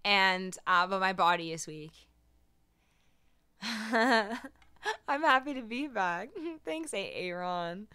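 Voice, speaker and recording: A woman's voice: mid-range voice, animated, slow pace, pauses often, bright, forceful tone, clean tone. A woman musician livestreaming, chatting casually and bubbly with her viewers, a little tired and her voice not at full strength. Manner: bubbly, laughing, talking to chat.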